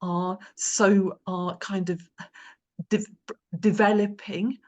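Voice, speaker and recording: A woman chairing a panel discussion, speaking in a hesitant, halting way as she hands questions to the speakers. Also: mid-range voice, level tone, a little mellow, muffled recording.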